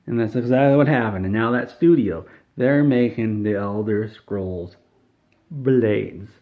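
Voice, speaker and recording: A man telling an absurd made-up story in a deadpan, rambling way. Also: lowish voice, measured pace. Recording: tinny phone-like sound.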